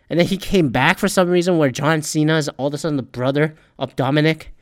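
A man's voice: on the high side, fast talker, few pauses, no room sound, clean studio sound. A man hosting a podcast, ranting in a loose, profane, rambling way about a reality dating show and often getting heated. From Korean American. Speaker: podcast host. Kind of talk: casual ranting commentary.

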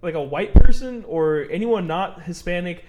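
A man's voice: sits high, expressive, moderate pace, noisy background. A young man co-hosting a casual podcast, telling stories in crude, slangy banter. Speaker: podcast co-host. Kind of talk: casual chat.

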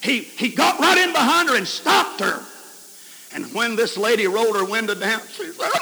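Folksy preacher in a reverberant hall. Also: male voice, very high-pitched, huge pitch swings, normal speed. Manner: folksy storytelling, swings from shouts to hushed whispers. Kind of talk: camp meeting sermon. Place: camp meeting hall. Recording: hissy 1990s recording in a reverberant hall.

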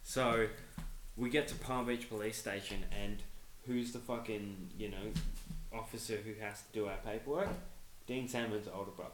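A man's voice: lowish voice, fairly even intonation, moderate pace, a little hiss or hum. A man, co-hosting a podcast, telling a story in casual chat, swearing constantly and laughing as he goes. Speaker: podcast co-host. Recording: echoey room.

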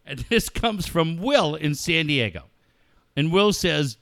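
A man's voice: on the high side, big pitch swings, unhurried, fairly bright tone, no room sound, clean studio sound. A man co-hosting a talk show, casually joking and reading mock fan letters for sponsors. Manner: jokey, reads mock fan letters aloud. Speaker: radio show co-host.

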